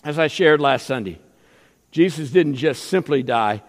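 A male pastor preaching a sermon, swinging between loud emphasis and hushed tones. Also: a little high, animated, unhurried. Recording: long reverb of a church hall.

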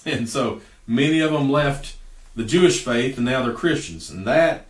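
A middle-aged pastor preaches a sermon in a folksy, emphatic way, his voice swelling in sudden loud bursts before dropping back. His pitch sits in the middle range for a man. He is heard from some distance in an echoey church room. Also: moderate pace.

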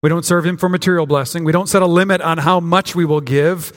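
A man's voice: on the high side, fairly even intonation, fast. A man preaching a sermon as pastor, in a conversational way with frequent restarts and acted-out quotes. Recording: long hall reverb.

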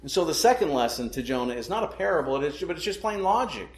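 Male pastor, slightly high voice, emphatic sermon delivery, echoey room. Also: sing-song, fast talker. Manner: emphatic, asks rhetorical questions.

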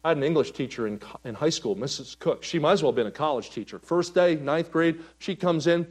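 A male pastor preaching a sermon, telling stories and swinging between loud, animated passages and soft, quiet ones. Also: a little high, fairly quick, few pauses, husky.

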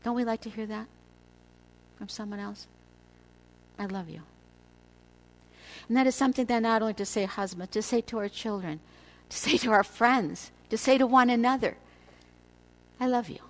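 A woman's voice: a little high, poor audio. Earnest older woman teaching scripture. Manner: measured, earnest, slows for emphasis. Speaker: women's Bible teacher. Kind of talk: devotional teaching to women.

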